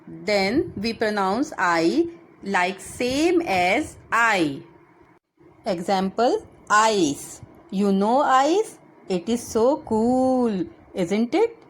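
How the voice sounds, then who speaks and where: A woman teaching children a phonics lesson, spelling words letter by letter and repeating each one. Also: fairly high pitch.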